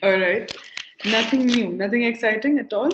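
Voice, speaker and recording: A woman's voice: on the high side, moderate pace, background noise. A young woman tutoring over a video call, chatty and laughing often as she explains things with examples. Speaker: English tutor. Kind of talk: conversation practice lesson. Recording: echoey room, dull lo-fi call audio.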